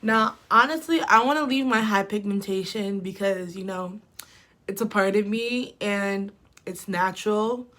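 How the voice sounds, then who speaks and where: With a medium-pitched, fairly bright voice, a young woman talks a little slowly as she does her makeup. The beauty vlogger's casual storytime is chatty and filler-heavy, full of "like" and "literally."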